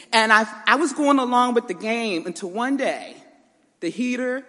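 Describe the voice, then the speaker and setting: A woman, the niece of the deceased, gives a funeral tribute in a church, telling family stories with laughter and warmth. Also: mid-range voice. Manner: lively storytelling, laughing through a family story. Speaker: niece giving a eulogy. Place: large church sanctuary. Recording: long hall reverb.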